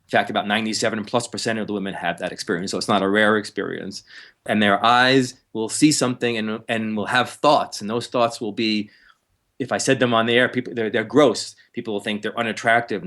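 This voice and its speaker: A man, a counselor, talks as an interview guest, explaining with lively energy, laughing now and then and acting out harsh inner voices. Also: on the low side, fairly quick. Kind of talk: explanatory conversational talk.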